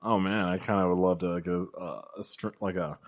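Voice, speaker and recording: A man co-hosting a casual movie podcast, laid back, chiming in with agreement and quick remarks. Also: deep voice, steady tone. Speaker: podcast co-host.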